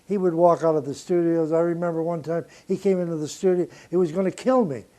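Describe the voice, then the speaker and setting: An older man with a notably high speaking voice tells studio stories from his years as a record producer. He is blunt and profane and animated, breaking into laughter between anecdotes in a relaxed interview. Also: quick pace.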